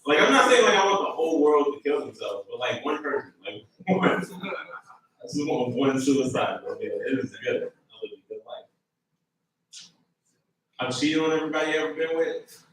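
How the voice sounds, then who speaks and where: A man comic with a mid-range voice rambles through his set, laughing, dropping low and then bursting out loud. He is heard from a distance. The sound carries a heavy club echo. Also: lively intonation, moderate pace, long pauses. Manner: loose, laughing, swings from mumbling to loud outbursts. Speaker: stand-up comedian. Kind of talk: stand-up comedy set. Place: small comedy club stage.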